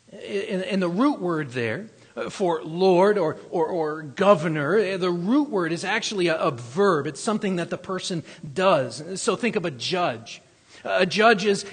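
A man preaching a sermon with earnest emphasis, swinging between loud outbursts and hushed passages, often restarting his words. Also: sits high, slightly rough. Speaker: pastor. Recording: long hall reverb.

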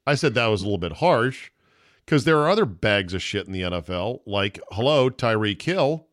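A man's voice: lowish voice, lively intonation, normal speed, fairly bright tone, no echo, clean studio sound. Blunt, wisecracking middle-aged male host. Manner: blunt, wisecracking, swears freely. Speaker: podcast host. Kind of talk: casual sports talk.

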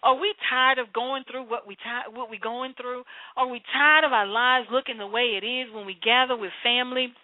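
A woman preaching an impassioned sermon, slowing down to plead in prayer. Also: on the high side, steady tone, no echo. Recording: tinny phone-like sound, dry.

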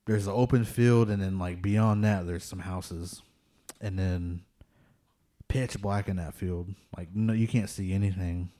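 Low, warm, and a little slow, his voice keeps a fairly even intonation. The man tells ghost stories in a relaxed, meandering way, full of filler words, laughing nervously at the scary moments.

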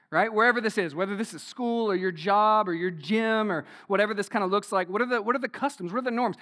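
A man's voice: high voice, a bit bright. A man preaching a sermon in a conversational way, with many rhetorical questions, frequent "right?" tags and "y'all". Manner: says "y'all".

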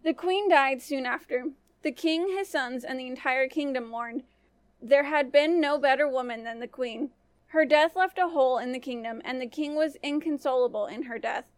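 Woman, storyteller, podcast fairy tale, gentle, high voice, dry close sound. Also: normal speed, smooth, dry recording. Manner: gentle, family-friendly telling.

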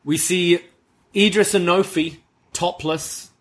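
A man, co-hosting a casual wrestling review podcast, relaxed and chatty with casual swearing. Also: sits high, takes it slowly. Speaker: podcast co-host.

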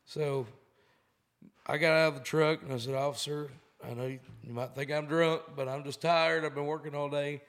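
A man's voice: on the high side, fairly even intonation, moderate pace. A man telling a rambling story in a loose, swearing, laid-back way. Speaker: comedian guest. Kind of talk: casual storytelling.

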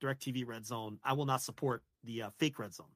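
A man co-hosting a wrestling podcast, opinionated and quick to rant, swearing casually. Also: medium pitch, steady tone, a bit bright, no room sound. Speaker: podcast co-host.

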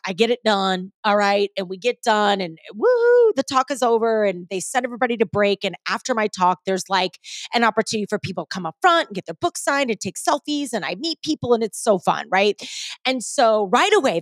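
Animated, salty keynote storyteller woman. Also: mid-range voice, dry recording, studio quality. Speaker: keynote speaker. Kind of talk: storytelling talk.

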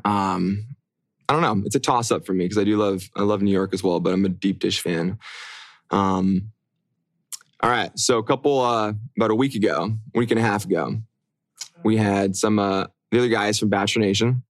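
Man, young adult, low pitch, dry recording, casual rambling podcast talk. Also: normal speed, dry recording. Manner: laid-back, rambling with many fillers. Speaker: podcast co-host. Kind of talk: casual chat.

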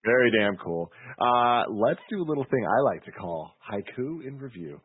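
A man hosting a podcast in casual chat, excitable, swearing loosely as he reads out listener reviews. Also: medium pitch, normal speed, slightly rough, no room sound. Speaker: podcast host. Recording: tinny phone-like audio.

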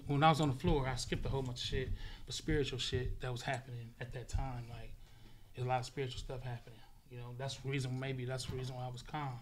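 A man's voice: medium pitch, a bit bright. A man from Los Angeles, a guest in a casual interview, telling his story vividly and profanely and acting it out with sound effects.

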